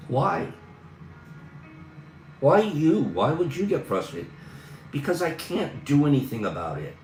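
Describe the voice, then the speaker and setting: A man's voice: fairly high pitch, sing-song, measured pace, pauses often, darkish tone, far from the mic, soft background music. Earnest rambling man in an echoey room. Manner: earnest, rambling, talks through frustration. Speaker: livestream host. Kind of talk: casual livestream monologue.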